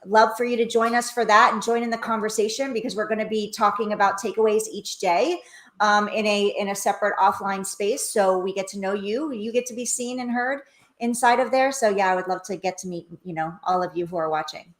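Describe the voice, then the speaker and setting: A woman talking as a guest on an online interview, gushing and warm. Her voice sits mid-range and bounces around an echoey room. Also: mid-range voice, steady tone, a little fast. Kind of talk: virtual interview chat.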